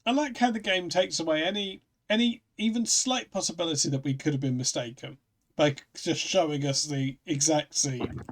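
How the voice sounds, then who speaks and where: A man streaming a puzzle game in casual chat, rambling and self-mocking with many quick restarts. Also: fairly high pitch. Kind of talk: casual let's-play chat.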